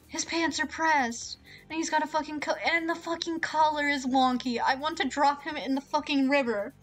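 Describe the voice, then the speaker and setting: A woman streams a game live, talking in an excitable, rambling way full of swearing. Her voice sits fairly high, with faint music playing behind her.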